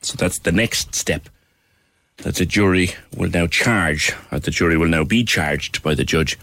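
Deep-voiced radio host. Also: male voice, a bit bright, dry recording. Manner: measured explaining with restarts. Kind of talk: radio talk show.

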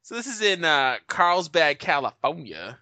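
A man's voice: on the high side, sing-song, unhurried, bright, forceful tone, dry recording. A man co-hosting a casual comedy podcast, reading news stories aloud and riffing on them with swearing and laughter. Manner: profane, laughing, reads news aloud with jokes. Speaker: podcast co-host.

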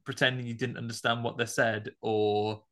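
A man's voice: medium pitch, flat delivery, normal speed, a bit bright. A man co-hosting a podcast, recapping a film in a laid-back, casually sweary way. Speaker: podcast co-host.

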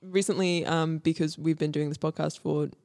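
Giggly rambling podcast host. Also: female voice, low voice, fairly even intonation, moderate pace, creaky, darkish tone. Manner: giggly, rambling, self-deprecating. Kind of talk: casual podcast chat.

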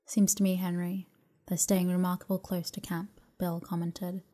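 Woman, bedtime story narrator, soft and unhurried, flat even delivery, warm dark tone. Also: fairly low pitch. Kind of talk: calm bedtime story reading.

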